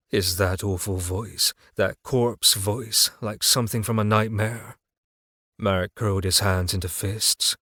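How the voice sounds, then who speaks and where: Male audiobook narrator, low voice, measured dark delivery, dry close sound. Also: steady tone, no room sound.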